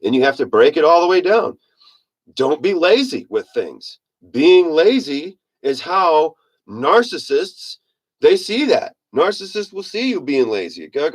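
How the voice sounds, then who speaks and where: A man's voice: a little high, very animated, measured pace. A man giving a casual motivational monologue in a rambling, folksy manner, often correcting himself. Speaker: self-help speaker.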